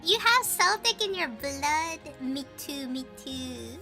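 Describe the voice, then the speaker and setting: A woman with a very high, bouncy voice chats casually on a live drawing stream. She switches between Japanese and English and breaks into laughter often. Music plays softly behind her. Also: expressive, slow. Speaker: live-stream artist and host.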